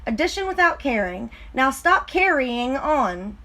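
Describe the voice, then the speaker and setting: A woman voicing a firm, brisk schoolteacher in a storybook reading. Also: high-pitched, very animated, pushed and bright, voice pushed up, full character voice.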